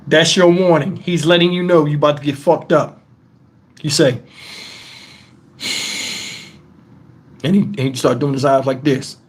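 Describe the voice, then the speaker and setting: A man hosting his channel, telling profane stories to viewers in a casual, animated way and breaking into laughter. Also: a little high, slow, pauses often, breathy edge. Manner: talks straight to the audience with questions. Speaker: channel host telling stories to a live chat.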